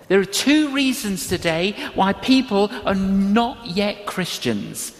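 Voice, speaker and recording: Slow, emphatic older preacher in a hall. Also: medium pitch, very animated. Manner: emphatic, repetitive, slow delivery. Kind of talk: sermon with storytelling.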